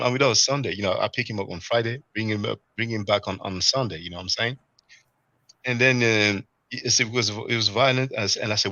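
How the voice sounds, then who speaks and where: A man's voice: on the low side, fast talker, no echo. A man hosting a livestream, rambling through a personal story in casual talk, full of fillers and restarts. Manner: rambling, animated retelling with many fillers and restarts. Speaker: livestream host.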